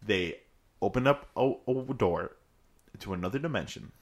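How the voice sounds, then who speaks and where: A podcast co-host excitedly retelling cartoon episodes in casual chat, swearing freely. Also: mid-range voice, moderate pace.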